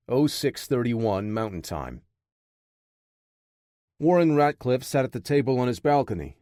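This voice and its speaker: A man narrating a thriller audiobook in a steady, measured storytelling manner. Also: on the low side, dry recording, clean studio sound.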